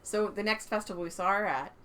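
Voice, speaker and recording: Fast and a bit bright, her mid-range voice comes through with slight background noise. She's a Canadian woman co-hosting a podcast, a chatty storyteller in casual conversation who laughs frequently and performs quotes.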